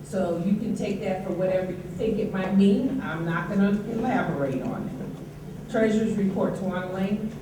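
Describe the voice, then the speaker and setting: A woman presiding over a union meeting, measured and pointed as she moves through the agenda. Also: medium pitch. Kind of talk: chairing a meeting. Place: large meeting hall. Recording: echoey hall from far off, background noise.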